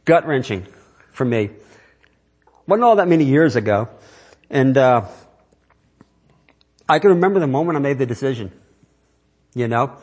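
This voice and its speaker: A man's voice: medium pitch, lively intonation, moderate pace, long pauses, darkish tone. A middle-aged man preaching a sermon as pastor, earnest and repeating phrases for emphasis.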